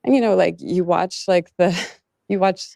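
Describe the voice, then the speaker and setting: A woman speaks earnestly in an interview, halting often and adding small laughs. Her voice is low and gravelly with a mellow tone, recorded dry and close. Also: dry recording. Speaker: interview guest. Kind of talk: candid interview talk.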